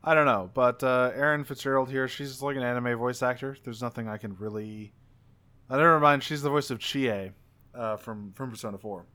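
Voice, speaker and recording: A man with a bright, crisp voice, chatting casually as a podcast co-host. He reads through cast credits and drops dry little asides. His tone stays clear and even throughout. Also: mid-range voice, normal speed. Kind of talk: casual chat about game voice actors.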